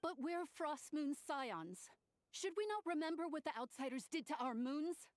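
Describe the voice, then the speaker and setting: A woman's voice: sits high, expressive, moderate pace, no room sound. A woman voicing an anxious, devout female villager and mother, hesitant and pleading.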